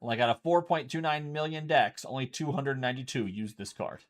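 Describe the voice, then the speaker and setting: Streaming from home, a man with a medium-pitched voice talks fairly quickly while he plays and explains a card game. The conversation is casual and chatty, and he swears without holding back.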